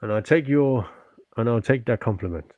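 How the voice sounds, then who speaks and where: A man's voice: medium pitch, expressive, normal speed, a little mellow, no room sound, muffled recording. A man from the UK chatting on his livestream, answering viewers politely and earnestly after a stretching session. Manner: polite and earnest, often thankful; talks while stretching and working out.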